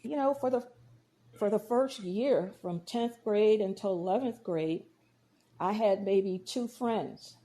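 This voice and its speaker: Mellow-voiced woman telling her story. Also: mid-range voice, takes it slowly. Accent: Midwestern American. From Georgia, US. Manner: storytelling, acts out quoted dialogue. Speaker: podcast guest, deacon. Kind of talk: personal testimony in conversation.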